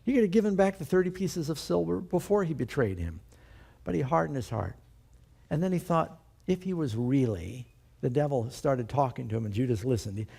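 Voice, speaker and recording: A man's voice: fairly high pitch, expressive, normal speed, creaky, dark tone, breathy edge. A male pastor preaching a sermon, emphatic and putting rhetorical questions to his congregation.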